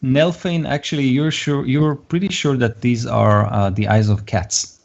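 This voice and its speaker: A man's voice: mid-range voice, steady tone, unhurried, vocal fry, darkish tone. A man narrating as game master of a tabletop game, hesitant with many fillers and frequent laughs. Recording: dull lo-fi audio.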